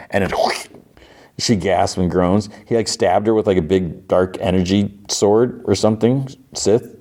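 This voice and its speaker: A man hosting a podcast, retelling an episode in a loose, rambling way. He fills his talk with fillers and mouth sound effects. His voice is very low, with a dark, mellow tone. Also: steady tone, moderate pace. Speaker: podcast host. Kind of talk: casual episode recap.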